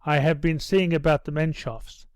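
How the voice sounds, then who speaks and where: A man's voice: a little high, steady tone, moderate pace, smooth, no room sound, close to an everyday voice. A man reading an earnest, resolute nobleman.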